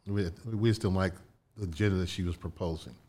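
Older man, low voice, interview guest, animated storytelling, laughs between restarts. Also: fast. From Indiana, USA.

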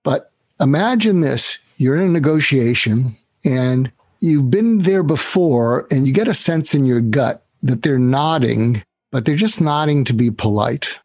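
A guest author in an interview explains a sales technique step by step, acting out quoted dialogue as he instructs. His medium voice is expressive, a little slow and mellow, with a breathy edge and no echo.

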